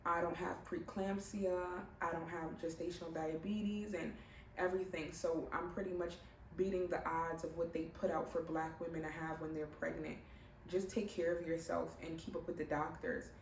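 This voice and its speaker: A young pregnant woman telling her own story in a casual, animated way, putting on other people's voices as she goes. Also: low-pitched, normal speed, a little hiss or hum. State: heavily pregnant. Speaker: vlogger. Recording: roomy, mic at a distance, faint ambience.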